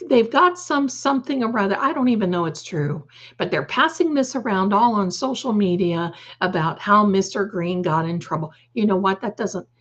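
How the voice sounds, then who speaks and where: Reading viewer chat aloud on a casual livestream, this woman calls her audience "darling" and adds snarky, opinionated comments. She has a mid-range voice with a breathy edge, and the recording sounds muffled.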